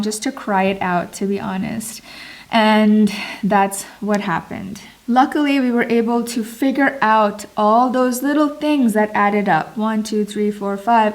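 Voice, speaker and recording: A woman, a mother, telling a personal story in an earnest, expressive vlog, stretching words for emphasis. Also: mid-range voice. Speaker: mom vlogger.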